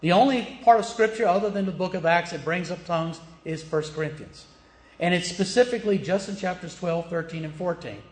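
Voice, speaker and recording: Southern pastor preaching in an echoey room. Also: male voice, high-pitched, a little fast, a little mellow. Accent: Southern American. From American South. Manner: plain, emphatic teaching with rhetorical questions. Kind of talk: sermon.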